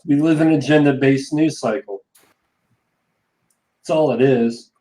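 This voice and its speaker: A man's voice: medium pitch, measured pace, mellow, low-quality recording. A man in casual stream chat, speaking bluntly and opinionated.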